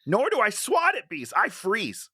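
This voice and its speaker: A man chatting on a podcast with a high, bright voice that swings wildly in pitch. He mocks and swears and laughs often. The sound is dry and close. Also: wildly swooping pitch, a little slow, husky, no room sound. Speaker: podcast co-host. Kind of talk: casual chat.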